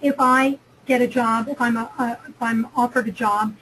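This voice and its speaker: A woman's voice: fairly high pitch, steady tone, normal speed, fairly bright tone, slight background noise, rough recording. A woman from New Jersey giving a chatty, emphatic webinar lecture on negotiation, often repeating and restarting phrases. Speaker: career webinar presenter.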